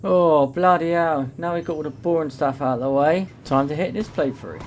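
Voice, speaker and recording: Cheeky gaming commentator. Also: male voice, a little high, fairly quick, darkish tone, slight background noise. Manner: cheeky, jokey, self-mocking narration. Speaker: gaming YouTuber. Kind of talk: comedic gameplay commentary.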